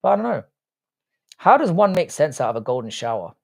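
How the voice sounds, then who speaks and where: Speaking fairly fast with a creaky edge, this livestream host has a higher voice that swings widely in pitch. He reads chat messages aloud on his casual stream, cursing a lot, being blunt, and rambling through false starts.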